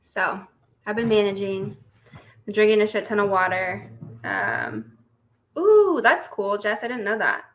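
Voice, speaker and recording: A woman's voice: mid-range voice, sing-song, measured pace, long pauses, fairly bright tone. A young woman recovering from surgery, chatting casually on a live stream, greeting viewers by name and laughing often.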